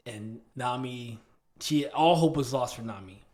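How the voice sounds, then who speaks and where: Dude on a podcast hyping up a scene, loose slangy talk, mid-pitch voice. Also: male voice, a little slow. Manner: animated storytelling, slangy, many fillers and restarts. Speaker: podcast co-host. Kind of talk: casual chat.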